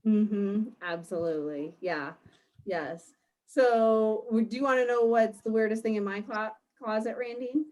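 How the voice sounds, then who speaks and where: Cheery woman cohost, bit high voice, says yes a lot. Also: unhurried, darkish tone, rough recording. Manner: upbeat, affirming. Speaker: co-host. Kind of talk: casual chat.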